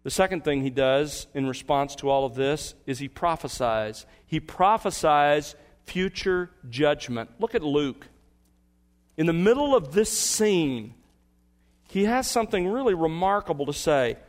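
A man preaching a sermon, his voice sitting a little high. He swings between emphatic, impassioned peaks and soft, earnest appeals to the congregation. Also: animated, measured pace. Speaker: pastor.

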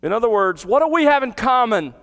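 A man's voice: extremely high pitch, very animated, brisk, fairly bright tone. A man preaching an expository sermon, teaching earnestly, retelling the scene vividly and asking rhetorical questions. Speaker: pastor.

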